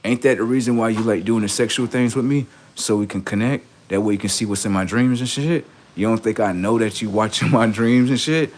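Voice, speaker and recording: A man's voice: fairly low pitch, a little fast, hardly any pauses, a little mellow. A man on a livestream, talking in a rambling, profane, boastful monologue, often laughing and acting out quoted voices. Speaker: livestream host.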